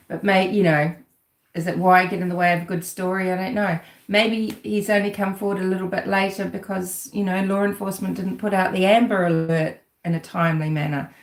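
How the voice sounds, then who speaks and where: Rambling, sarcastic woman in an echoey room. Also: lowish voice. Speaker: true-crime commentator. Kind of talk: casual livestream commentary. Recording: roomy echo.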